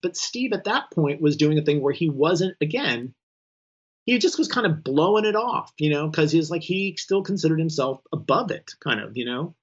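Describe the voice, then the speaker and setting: Husky man on dull lo-fi audio. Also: a little high, lively intonation, normal speed. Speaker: interviewee. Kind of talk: oral-history interview recollection.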